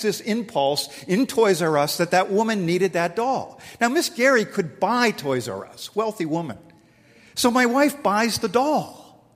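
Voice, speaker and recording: A man in middle age gives a sermon with a fairly high voice that rings out through a large hall with a long reverb. He tells stories and plays out the conversations in them, building up his emphasis as he goes. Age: middle-aged. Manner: storytelling, acts out dialogue with rising emphasis. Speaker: pastor.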